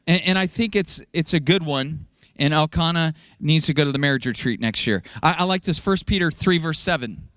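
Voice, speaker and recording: Joking higher-pitched male pastor, dry sound. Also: fairly quick, dry recording. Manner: animated, joking, acts out quotes in raised voice. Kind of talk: sermon.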